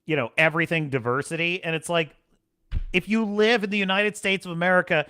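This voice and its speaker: Guy hosting his stream, rambly and laughy, voice kinda high and bright. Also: brisk, clear, resonant tone. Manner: animated, rambling, laughs often. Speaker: livestream show host. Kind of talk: casual livestream chat.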